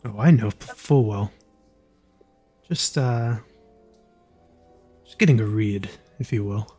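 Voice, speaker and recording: A gruff alien Zabrak, curt and guarded, weighing up a stranger in a bar as a game master puts him on. The voice sits a touch low and stays close to a plain speaking voice. Faint music plays behind. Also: male voice, slow pace, mellow. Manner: curt, guarded, sizing people up. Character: gruff wary alien Zabrak man in a cantina.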